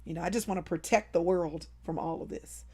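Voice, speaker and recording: A woman hosting a casual live stream from home, talking to viewers in an animated, playful, over-the-top way. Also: lowish voice, brisk, husky.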